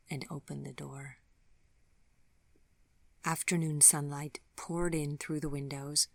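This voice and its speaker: A woman narrating a storybook audiobook in a soft, measured way. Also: deep voice, no room sound. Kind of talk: scripted narration.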